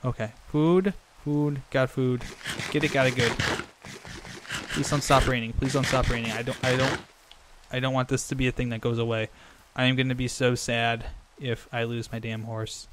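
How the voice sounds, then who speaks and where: A young man giving Minecraft let's play commentary, frantic and excitable, rambling fast when thrilled. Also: mid-range voice, background noise. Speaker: gaming video host.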